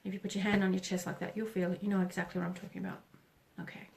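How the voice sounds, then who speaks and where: Gentle halting woman giving a psychic reading. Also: fairly low pitch, little pitch movement, gravelly, noisy background. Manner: gentle, halting, many pauses and self-corrections. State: tearful. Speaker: psychic reader on a live stream. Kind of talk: live oracle reading.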